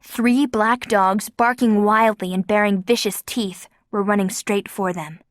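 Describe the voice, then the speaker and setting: A woman's voice: medium pitch, steady tone, measured pace, dry recording, clean studio sound. A woman narrating an audiobook with a vivid, dramatic reading. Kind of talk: scripted narration.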